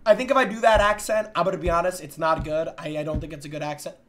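An excitable young man talking through his gaming session in casual commentary. He gets hyped fast and breaks into sudden loud shouts. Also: a little high, slight background noise. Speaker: gaming streamer, host.

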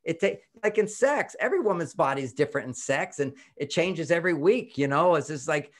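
A man whose voice sits on the high side talks fairly quickly as an expert guest, an author on relationships, in a casual interview. Animated throughout, he acts out quoted voices and often chuckles while explaining.

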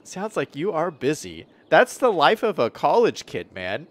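A man's voice: fairly high pitch, huge pitch swings, unhurried. A man streaming a city-building game, chatting casually and thinking aloud as he plans, often correcting himself mid-sentence. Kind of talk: casual gameplay commentary.

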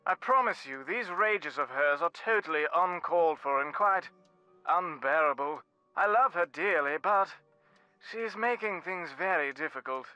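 An actor playing a well-spoken lord of a manor who speaks formally and with measured exasperation in a game. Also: male voice, fairly high pitch, expressive, sharp tone, smooth, no echo, soft background music, heavily acted, rough recording. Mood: exasperated.

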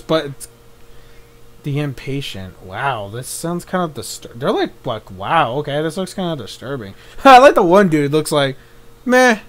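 A young man giving live reaction commentary, excitable, thinking aloud and swearing often. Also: sits high. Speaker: YouTube reaction host.

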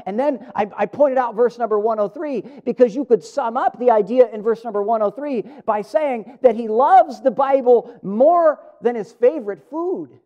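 Male pastor, high-pitched, earnest sermon delivery with emphatic swells; dull lo-fi sound. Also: moderate pace. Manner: earnest, emphatic, rising for emphasis and dropping to a hush. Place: church sanctuary. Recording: dull lo-fi church recording.

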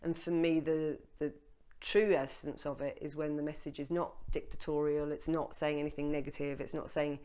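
A woman co-hosting a casual spiritual chat, speaking in a thoughtful, halting way. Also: sits low, level tone, dark tone, smooth. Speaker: co-host.

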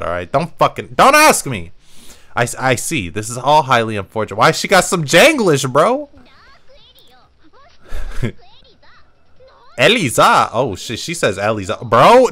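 Profane, excitable young gamer man. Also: medium pitch. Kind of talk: let's play commentary.

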